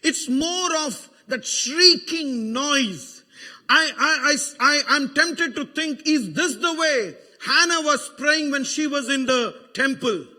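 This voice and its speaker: A man with a Malayali accent preaching an emotional sermon as pastor, building to fervent shouted prayer. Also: very high voice, animated, slow pace. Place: church sanctuary. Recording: long church reverb.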